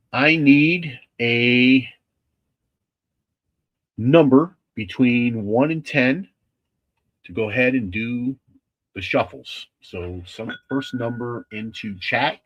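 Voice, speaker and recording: A man hosting a casual livestream with a husky voice, talking in a rambling, halting way with many restarts. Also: mid-range voice, dull audio. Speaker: livestream host.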